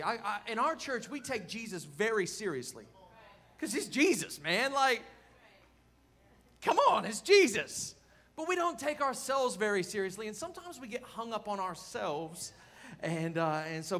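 A man, preaching a sermon as a guest in a casual, joking, energetic way. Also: high-pitched. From California, USA.

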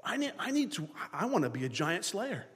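Man, pastor, sermon, lively swooping delivery, fairly high voice, long reverb. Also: a little fast. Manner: animated preaching, acting out biblical dialogue.

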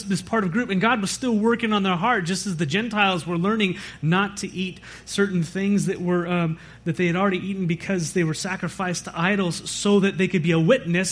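A man's voice: high-pitched, a bit bright. A man preaching a sermon to his church as pastor, talking in a loose, conversational way with frequent fillers and self-corrections.

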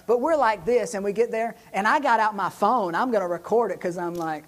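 Excitable man telling stories. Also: sits high, fairly quick, few pauses. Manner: excitable, animated storyteller. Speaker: church staff member and show regular. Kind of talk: casual storytelling chat.

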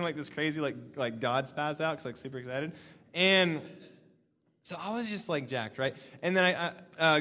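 A young man preaches in a loose, chatty way, stumbling over words and piling on fillers as he gets excited. His voice sits a little high for a man, and a long reverb trails each phrase. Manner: animated, chatty, many fillers and restarts. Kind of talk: casual sermon.

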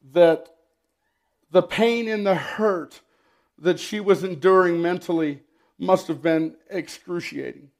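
A middle-aged man preaching a sermon, telling personal stories with dry humor and often clearing his throat. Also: high-pitched, a little mellow. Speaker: pastor.

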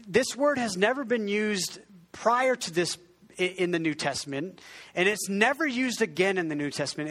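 A man's voice: high-pitched, fairly bright tone. Conversational man preaching a sermon. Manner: conversational, self-deprecating, frequent restarts; has the congregation repeat words. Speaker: pastor.

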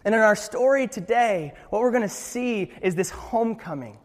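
A young man preaching a sermon in an animated, joking way, with frequent restarts. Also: high voice, moderate pace, in a large hall. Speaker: pastor.

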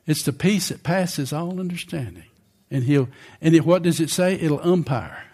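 A man's voice: a little high, normal speed, dark tone, breathy edge. An older man preaching a sermon in a conversational way, often asking the congregation questions.

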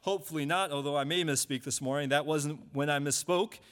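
A man's voice: fairly high pitch, fairly bright tone. Man preaching in a reverberant hall. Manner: rhetorical questions, repeats key points slowly. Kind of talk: sermon.

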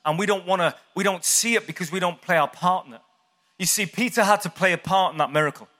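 A man's voice: sits high, quick pace, bright, forceful tone. A man preaching a sermon, telling the story with animation and asking the crowd questions. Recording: long hall reverb.

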